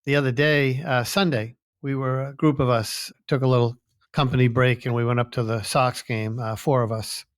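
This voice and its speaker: A man talks in a relaxed, anecdotal way on a business podcast. His pitch sits in the middle, and the recording is dry and close. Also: no room sound. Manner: chatty, anecdotal, easygoing. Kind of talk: casual storytelling chat.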